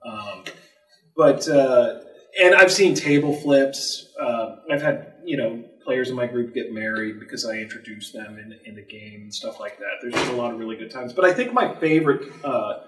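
A man's voice: mid-range voice, a bit bright. Older man rambling on a panel. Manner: rambling, self-deprecating, halting with fillers. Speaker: game master on a convention panel, moderator. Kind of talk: casual panel talk. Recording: roomy, from far off the mic.

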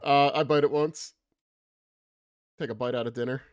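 A man's voice: medium pitch, fairly even intonation, moderate pace, clean tone. A man playing a tabletop role-playing game, reacting eagerly and asking about the rules. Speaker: player. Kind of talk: casual tabletop game chat.

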